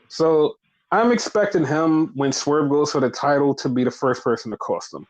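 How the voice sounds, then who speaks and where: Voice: medium pitch, normal speed, muffled recording. A podcast host recapping wrestling in casual chat, swearing freely and acting out what others said. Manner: animated, swears often, acts out quotes.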